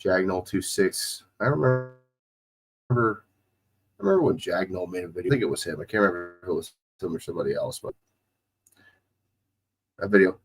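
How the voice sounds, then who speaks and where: A man's voice: deep voice, expressive, brisk, long pauses, husky. A man with a slight drawl from Southwest Ohio who is getting over a cold. He calls football plays in a casual, profane way and chats with viewers as a streamer. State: recovering from a cold. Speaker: streamer doing watch-along play-by-play. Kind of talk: casual play-by-play commentary and chat.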